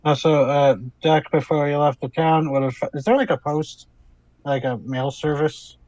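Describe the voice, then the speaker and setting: A man playing in a tabletop game, chatting casually and musing out loud as he talks. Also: fairly high pitch, moderate pace, no echo, low-quality recording. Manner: musing, rambling with fillers like "you know".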